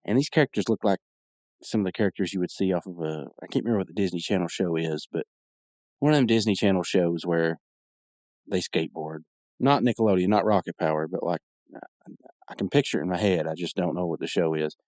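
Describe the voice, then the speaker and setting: A man's voice: sits low, fast talker, a little mellow, no echo, clean studio sound. A man hosting a podcast, recapping a cartoon episode in casual, rambling talk full of fillers and opinionated asides. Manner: rambling and digressive, many fillers. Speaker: podcast host.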